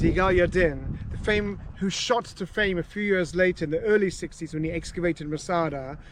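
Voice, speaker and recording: Lively male tour guide telling a story. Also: high-pitched, slight background noise. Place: outdoors at a desert archaeological site. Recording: music playing underneath.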